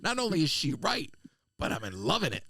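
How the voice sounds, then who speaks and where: A man, co-hosting a podcast and telling a funny travel story in casual chat, slipping into quick voices of people he met. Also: fairly high pitch, huge pitch swings, bright, forceful tone, breathy edge, no room sound. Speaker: podcast co-host.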